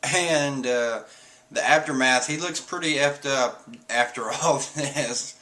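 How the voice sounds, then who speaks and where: A man's voice: mid-range voice, slow pace, pushed and bright. A man casually recapping a comic chapter in a chatty way, laughing now and then. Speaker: comic reviewer.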